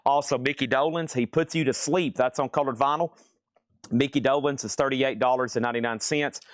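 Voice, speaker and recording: A man keeps up easy auction patter from a record store, calling out items and prices while cracking jokes. His voice sits at a middle pitch for a man. The sound is dry and close, with no room around it. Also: steady tone, brisk, dry recording. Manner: chatty and joking, rambling between prices. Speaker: live-stream vinyl record seller. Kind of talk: live auction sales patter.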